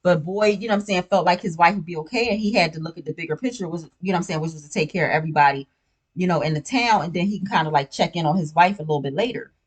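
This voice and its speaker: A woman's voice: on the low side, very fast, slightly rough. A woman hosting a casual spoiler recap of a TV show. She talks in a chatty, slangy way and keeps asking "you know what I'm saying". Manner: sips a drink while talking.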